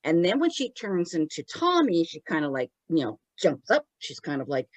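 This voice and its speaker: A woman podcast co-host recapping a show in casual chat, an animated storyteller. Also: fairly low pitch, moderate pace, lo-fi sound. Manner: animated storyteller, acts out quotes.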